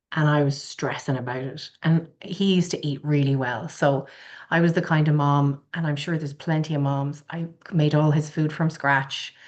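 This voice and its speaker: A middle-aged Irish woman with a notably low voice shares a personal story as a podcast guest. She speaks with animated, heartfelt candor. The sound is a little dull and lo-fi. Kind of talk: personal storytelling in casual chat.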